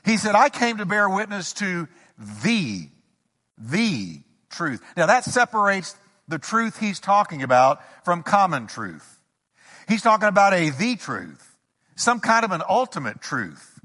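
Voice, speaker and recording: A man's voice: high-pitched, very animated, unhurried, sharp tone. A male pastor preaching a sermon, emphatic, with rising repeated questions. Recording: long hall reverb.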